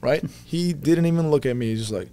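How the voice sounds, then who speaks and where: A man telling a funny story from his police training in casual chat, excitable and laughing. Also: a little high, a little fast, smooth.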